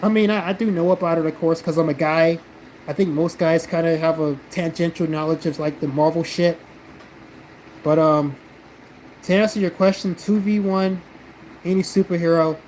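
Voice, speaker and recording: A man's voice: a little high, fairly even intonation, moderate pace, a little mellow, a little hiss or hum, low-quality recording. A man from the American South, chatting casually on a live stream and answering comments in a blunt, profane, defensive way. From South Carolina, American South.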